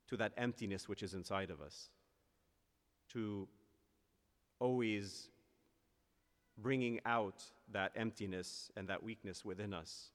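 In a church full of long reverb, a priest with a low voice gives a sermon. He rises earnestly toward emphatic moments, then eases his pace on the phrases that matter most.

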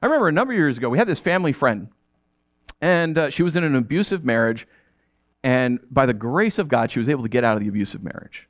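A man's voice: mid-range voice, sing-song, fast talker, no echo. A man in his thirties preaching a conversational sermon, telling stories and asking rhetorical questions. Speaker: pastor.

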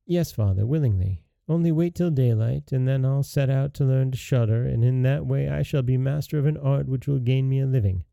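Brief: man reading a guileless young storybook hero, earnest, gravelly low-key voice, dry close sound. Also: fairly quick, hardly any pauses, dark tone, no echo, natural voice. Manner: earnest, plain-spoken. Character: naive fearless young man, simple-hearted.

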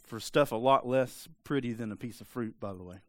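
A male pastor preaching a sermon in an emphatic, conversational way, dropping into quiet, intense asides and acting out voices. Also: mid-range voice, fairly quick, no echo.

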